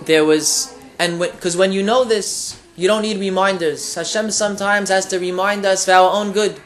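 A man giving an animated Torah lecture, telling a story with quick asides and rising emphasis. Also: high voice, a little hiss or hum.

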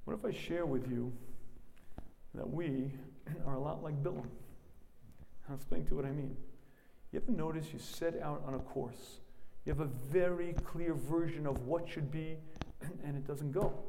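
A man preaching a sermon as a rabbi, storytelling with animation and frequently clearing his throat. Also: a little high, mellow, big-room sound.

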